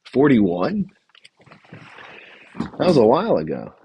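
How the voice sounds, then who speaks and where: A man's voice: medium pitch, wildly swooping pitch, takes it slowly, warm tone, lo-fi sound, slight background noise. A man hosting a casual livestream recap, rambling and chatty as he reads from his notes and greets the chat. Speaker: podcast host recapping a reality show.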